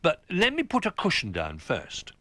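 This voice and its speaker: A man voicing an eager, playful male toy rabbit with a bouncy, excitable manner. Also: fairly high pitch, normal speed, no room sound, voice pushed up, heavily acted.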